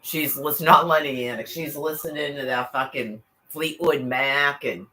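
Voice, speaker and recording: A man's voice: fairly high pitch, a little slow, pushed and bright, rough recording. A man telling a long, rambling story in casual chat, cursing freely and leaning on "like" and other fillers. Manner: rambling, profane, full of fillers.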